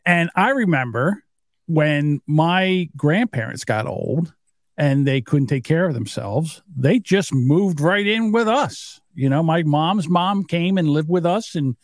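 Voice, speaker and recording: A man's voice: a little high, lively intonation, slow pace, no room sound, clean studio sound. A man in his fifties telling family stories in a casual, profane way and acting out the quotes himself. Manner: storytelling, profane, acts out quotes. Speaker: podcast co-host. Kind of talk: casual chat.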